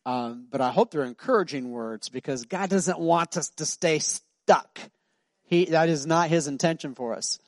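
Man, middle-aged pastor, sermon, chatty storytelling, slightly high voice, dry sound. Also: normal speed, no echo. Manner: conversational storytelling, acts out voices. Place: church sanctuary.

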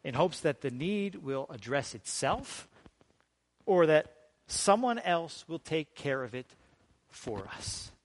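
A man preaching a sermon as pastor, emphatic and deliberate, with dramatic pauses and strong swings in loudness. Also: fairly high pitch, very animated, no room sound.

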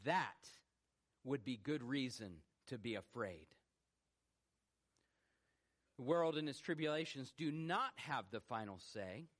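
A man preaching a sermon as a pastor, swinging between loud rhetorical questions and hushed, low emphasis. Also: animated, measured pace. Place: church sanctuary.

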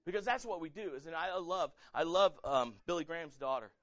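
A man's voice: fairly high pitch, lively intonation, a little fast, no echo, muffled recording. A male pastor preaching a sermon with passion, often repeating and restarting words, emotionally raw. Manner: impassioned, repeats words and restarts, rising to near-shouting.

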